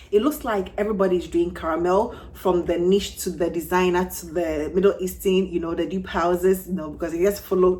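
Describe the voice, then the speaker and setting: Lower-pitched Ghanaian woman reviewing perfumes. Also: a little mellow. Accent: Ghanaian English. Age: 30s. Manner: chatty, frequent "you know" and restarts. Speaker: fragrance vlogger. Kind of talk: casual product review.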